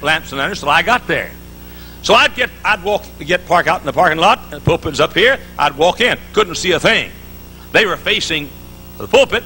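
A man's voice: fairly high pitch, sharp tone, slight background noise, low-quality recording. A middle-aged man preaching a live conference sermon, telling folksy stories with jokes and frequent restarts. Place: large conference hall.

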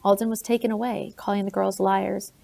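A woman reading a novel aloud in steady, plain first-person narration. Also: medium pitch, a little fast, creaky. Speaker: audiobook narrator.

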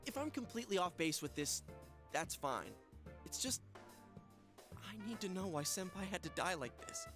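A man's voice: sits high, very animated, moderate pace, long pauses, soft background music. A man voicing an earnest, determined teenage boy grieving a friend in a video game. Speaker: game character.

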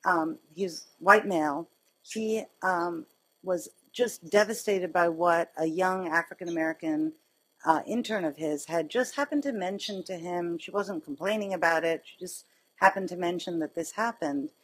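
A woman surgeon giving a lecture, telling personal stories in a conversational, animated way. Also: on the low side, moderate pace, husky, poor audio. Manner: conversational, animated storytelling with laughs. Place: lecture hall.

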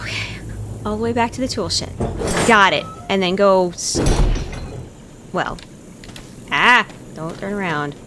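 This young gaming streamer offers casual commentary to viewers, often flustered and panicky. Her medium-pitched voice is animated but a little slow, with long pauses. The background is noisy.

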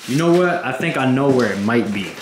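A man's voice: medium pitch, animated, fairly quick. A man filming a casual prank vlog at home, whispering conspiratorial asides to the camera and teasing his girlfriend with mock innocence. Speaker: vlog host, prankster boyfriend. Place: home kitchen and living room. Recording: echoey room with background noise.

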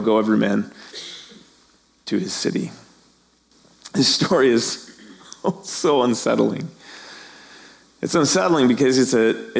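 A middle-aged male pastor preaching a sermon, animated, acting out the voices of people in the story. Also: mid-range voice, vocal fry.

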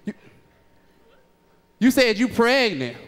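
A man voicing a young woman taken aback on a phone call, her questions high and incredulous. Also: big pitch swings, takes it slowly, in a large hall.

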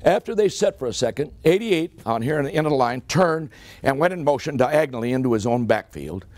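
A man's voice: mid-range voice, lively intonation, brisk, darkish tone, no echo. An older American man giving a humorous after-dinner speech, telling a football story in a folksy, punchy way and acting out the dialogue. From United States. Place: club meeting hall.

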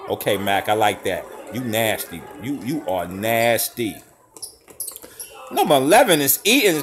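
A man doing casual, slangy live reaction commentary over basketball highlights, hollering and laughing at big plays. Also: big pitch swings, measured pace.

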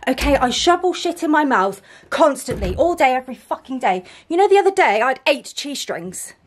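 A woman's voice: high-pitched, big pitch swings, brisk, slight background noise. A British woman vlogging casually to camera, blunt, self-mocking and swearing constantly. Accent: British English. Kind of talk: casual vlog chat to camera.

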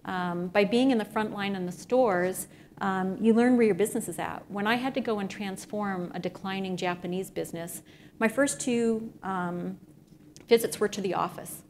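A middle-aged woman giving an energetic talk to an audience, telling stories with frequent fillers. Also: medium pitch, normal speed, a little hiss or hum. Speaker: speaker at a business event.

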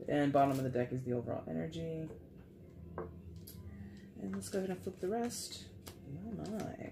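A woman's voice: deep voice, moderate pace, gravelly, pauses often. A woman reading tarot cards, chatting straight to her viewers and muttering to herself as she shuffles and flips cards. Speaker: tarot reader. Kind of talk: casual tarot reading to camera. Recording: steady background noise.

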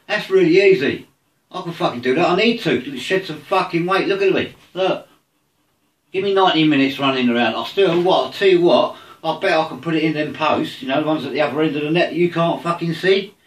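Sweary bloke ranting about his team, bit high voice, echoey room, kinda far from the mic. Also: a little fast. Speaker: football fan. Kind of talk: angry rant to camera.

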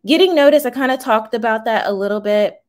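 Give me a talkative woman hosting a casual livestream, folksy and relaxed. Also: on the high side, fairly quick. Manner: chatty, folksy, reads out viewer comments. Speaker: livestream host, small business owner.

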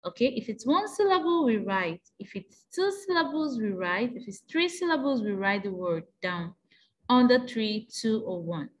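A woman's voice: on the high side, very animated, moderate pace, slight background noise. A woman teacher taking young pupils through an exam revision lesson, asking patient prompting questions in a sing-song way.

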